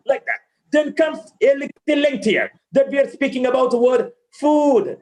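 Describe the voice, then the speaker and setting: A man with a Malayali English accent, from Kerala in India, running an online pronunciation lesson over a video call and drilling words slowly for learners to repeat. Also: extremely high pitch, a little mellow. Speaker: pronunciation trainer.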